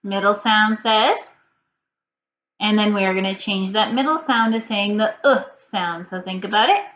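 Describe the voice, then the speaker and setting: A woman teaches a reading lesson to young children, speaking slowly and clearly and leaving room for them to answer. Her voice sits at a middle pitch. The recording is a little muffled, with a faint hiss behind her. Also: a bit bright. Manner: slow, clear, patient prompting with pauses for answers.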